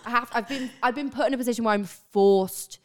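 A young woman from northern England, her accent softened by years in the south, chatting openly and animatedly as a guest on a podcast. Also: on the high side, brisk. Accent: northern English, softened by years in the south. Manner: animated, drops into silly put-on voices. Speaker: online creator, guest. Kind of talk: casual podcast chat.

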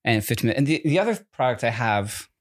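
A man co-hosting a casual chat, with a deadpan, dryly joking delivery and an easy mid-range voice. The sound is dry and close, with no room echo. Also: medium pitch, quick pace. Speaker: co-host.

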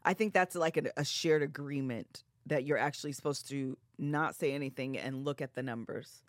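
A woman's voice: extremely low pitch, normal speed, no room sound, studio quality. A woman co-hosting a podcast in casual chat, encouraging and agreeable, laughing often. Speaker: podcast co-host.

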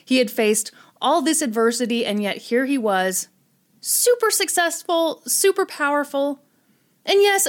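This is a woman with a fairly high voice, telling a history story in a loose, chatty way. She drops casual swears and laughs along as she goes, keeping things informal and playful. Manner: irreverent, swears, laughs often.

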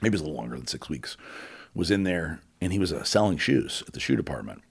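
A man candidly telling a personal story as an interview guest, halting, with many fillers and blunt swearing. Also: rumbling low, animated, slightly rough.

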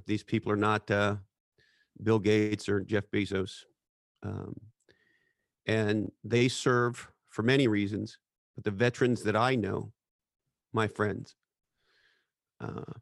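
A man's voice: on the low side, vocal fry, no room sound, studio quality. A middle-aged man speaking as a podcast guest, telling personal stories in an earnest, reflective way. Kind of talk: casual chat.

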